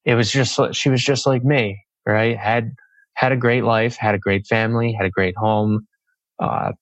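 A young man as an interview guest, speaking earnestly and reflectively with halting phrasing. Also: on the low side, fairly even intonation, no room sound. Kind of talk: conversational interview.

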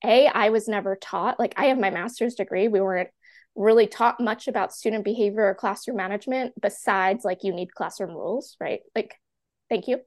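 A woman in her thirties, a teacher and classroom coach, telling her story as a podcast guest in a chatty, animated way full of "like" fillers. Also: medium pitch, brisk. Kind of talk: candid personal storytelling in a podcast interview.

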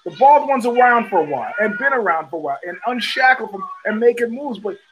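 A man's voice: high-pitched, expressive, fast, a bit bright, a little hiss or hum, rough recording. A middle-aged man hosting a podcast, talking in a profane, rambling casual monologue full of restarts. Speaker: podcast host.

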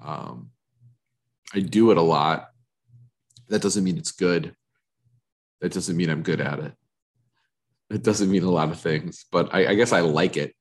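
A deep-voiced man talks into a studio microphone on his own podcast. He rambles in self-mocking, repetitive riffs, his voice a little stuffy and froggy from allergies. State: congested from allergies, a bit froggy. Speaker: podcast host. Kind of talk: casual solo podcast chat.

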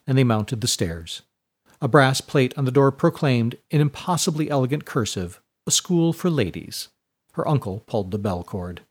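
A man narrating a storybook chapter in a measured, expressive reading. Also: mid-range voice.

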